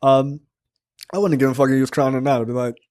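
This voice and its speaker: A man's voice: medium pitch, level tone, fast talker, darkish tone, no room sound, clean studio sound. A man co-hosting a film review podcast, recapping scenes in a loose, profane, casual way. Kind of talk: casual chat.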